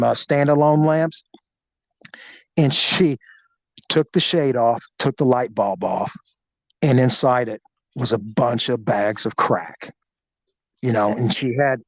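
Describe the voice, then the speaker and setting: A man hosting a podcast, telling a story in an animated, crude, joking way. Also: mid-range voice, no room sound, low-quality recording. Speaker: podcast host.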